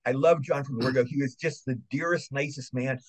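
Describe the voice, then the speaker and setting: A man's voice: medium pitch, fairly even intonation, a little fast. An older man from Maryland, a guest actor, telling eager, rambling stories in a casual interview. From Maryland, USA. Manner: rambling, eager anecdotes with restarts.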